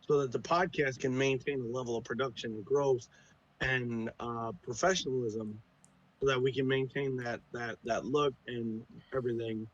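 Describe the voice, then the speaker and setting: A man's voice: medium pitch, fairly even intonation, normal speed, muffled recording. A man from the United States, a podcast guest, talking casually with a profane, teasing, joking manner. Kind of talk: casual chat.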